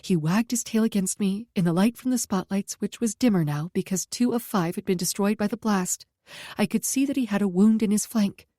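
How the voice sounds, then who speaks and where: A woman reading a first-person story aloud at a steady pace, close to the mic. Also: medium pitch, fairly quick, no echo. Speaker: audiobook narrator.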